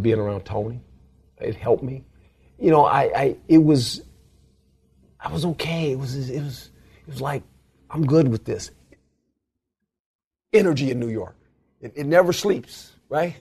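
In an animated storytelling interview, an older ex-football coach's voice comes across creaky, a little mellow and slightly rough. He speaks emphatically, laughs a lot, and voices quotes in a raised, high pitch.

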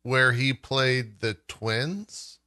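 A man co-hosting a podcast, laid-back in casual chat and quick to laugh along. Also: medium pitch, pushed and bright, dry recording, clean studio sound. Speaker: podcast co-host.

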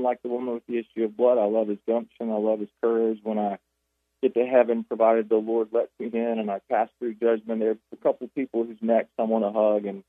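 A man speaks as a radio guest, retelling Bible stories with animated storytelling and frequent restarts. His voice comes over a tinny phone line that is dry and close. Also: mid-range voice, no room sound. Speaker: author and guest. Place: Jacksonville.

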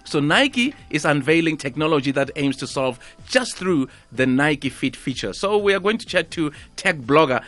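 A man's voice: fairly high pitch, expressive, moderate pace, hardly any pauses, fairly bright tone, soft background music. A man hosting a radio show, chatty and upbeat as he interviews a guest. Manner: chatty, upbeat, laughs easily. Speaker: radio host. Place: radio studio.

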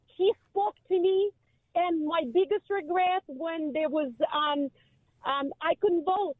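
A woman with a Russian accent and a high voice calls in over a thin, tinny phone line. She talks effusively, piling on praise and cutting in with "listen". The sound is dry and close. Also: takes it slowly, no room sound. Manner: effusive, keeps saying "listen". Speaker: caller. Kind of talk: call-in radio chat.

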